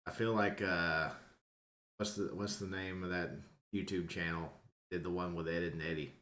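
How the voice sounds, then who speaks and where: A man's voice: low voice, level tone, moderate pace, fairly bright tone. A tipsy man co-hosting a podcast, teasing his friends bluntly and swearing freely. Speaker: podcast co-host. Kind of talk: casual chat. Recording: roomy echo.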